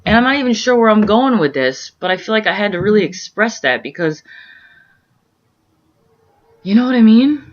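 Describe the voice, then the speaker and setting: A woman's voice: mid-range voice, sing-song, moderate pace, pauses often. A woman at home talking casually in a meandering, earnest way, full of fillers and restarts as she searches for words. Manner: earnest, introspective musing. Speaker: vlogger sharing spiritual experiences. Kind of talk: casual rambling monologue. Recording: muffled lo-fi audio.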